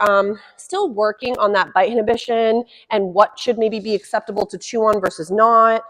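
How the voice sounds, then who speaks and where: A woman dog trainer giving a hands-on demonstration, chatty and encouraging, with bright praise cues to a puppy and a slightly dry throat. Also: mid-range voice, in a large hall. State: slightly dry throat, cough drop in mouth. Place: indoor room with heating running.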